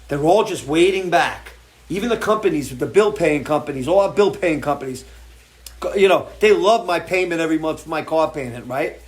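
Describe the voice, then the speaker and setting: A middle-aged man hosting a live show from a porch, ranting in a blunt, profane, emotional way. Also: a little high. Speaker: show host. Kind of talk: impassioned live-stream rant. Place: porch, outdoors.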